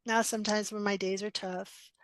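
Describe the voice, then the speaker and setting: The recording is dry, and the woman, a middle-aged coach appearing as an interview guest, speaks at medium pitch and a moderate pace. Her casual podcast storytelling is blunt, direct, and animated, full of laughter and acted-out quotations.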